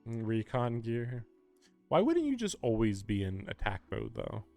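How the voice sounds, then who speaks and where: A man's voice: medium pitch, wildly swooping pitch, measured pace, darkish tone, soft background music. A man streaming a visual novel, reading its text aloud and breaking off into wry, chatty commentary.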